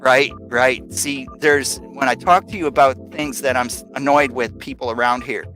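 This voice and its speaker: A man's voice: mid-range voice, normal speed, sharp tone, poor audio. Rambling, venting man on a live stream. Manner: rambling, venting, many fillers and restarts. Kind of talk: casual rambling live chat. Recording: faint music behind.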